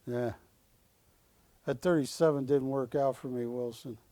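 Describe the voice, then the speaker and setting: A man's voice: mid-range voice, steady tone, measured pace, dark tone, no room sound. A man hosting a live shopping-channel auction, joking and pleading with viewers as he calls out the bids. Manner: jokey, pleading with viewers, rising calls of going once, going twice. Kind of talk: live on-air auction calling. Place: TV studio.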